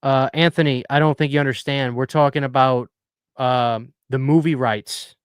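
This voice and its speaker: A man's voice: medium pitch, steady tone, normal speed, smooth, no room sound, studio quality. A man hosting a casual live stream, earnestly chatting and reading viewer messages aloud. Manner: earnest, talkative, reads chat aloud.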